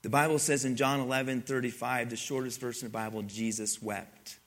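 Bright-voiced older male preacher. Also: medium pitch, steady tone, a little fast. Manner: dramatic swings from loud exclamations to hushed near-whispers; storytelling, conversational asides to the congregation. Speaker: pastor. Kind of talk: sermon.

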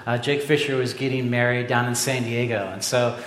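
A young adult man from Oregon preaching a sermon to a congregation and telling stories with an animated, joking manner. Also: mid-range voice, brisk. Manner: animated storytelling with a jokey aside. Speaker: pastor. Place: church sanctuary. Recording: echoey hall from far off.

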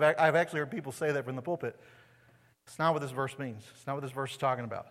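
A middle-aged pastor delivers his sermon in a casual, conversational way, often turning to the congregation with questions. His voice sits a little high for a man. The sanctuary leaves a long reverb trailing behind every phrase. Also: fairly bright tone. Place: church sanctuary.

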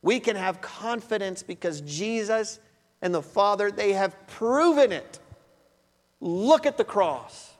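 A pastor delivers a sermon in a high, expressive voice, taking his time. He is emphatic yet conversational and often repeats his points. A large hall's long reverb trails after his words.

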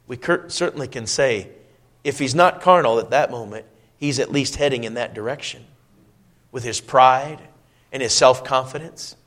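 A man preaching a sermon, asking his listeners questions and dropping to a soft, low voice when he quotes scripture. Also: moderate pace. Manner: swings between loud emphatic lines and soft low quoting; asks the congregation rhetorical questions.

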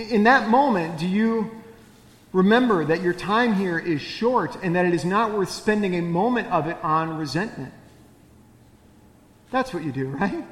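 A man preaching a sermon in a relaxed, conversational manner, his voice sitting a little high for a man. He keeps turning questions back to the congregation. The sound is roomy, with a long echo from a large hall. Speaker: pastor.

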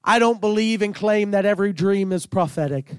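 A man preaching as a pastor, fervent and emphatic, building into shouted passages. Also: high voice, brisk, clean tone, no room sound. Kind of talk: sermon.

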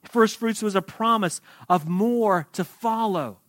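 Guy preaching a sermon, pretty high voice, goes loud then soft a lot, dry close sound. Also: slow pace, dry recording. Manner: dynamic preaching, swings between loud emphasis and soft asides. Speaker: pastor.

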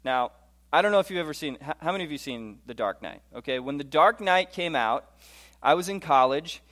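A man's voice: fairly high pitch, fairly bright tone. A man in his thirties giving a conversational presentation to a live audience, often asking them questions and saying "okay". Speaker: speaker addressing a live audience.

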